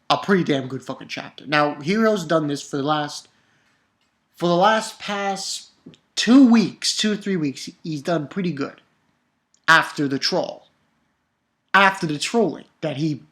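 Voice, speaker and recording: A man giving a casual, excitable, profane review of a manga chapter. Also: a little high. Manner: excitable and profane, bursts into loud exclamations.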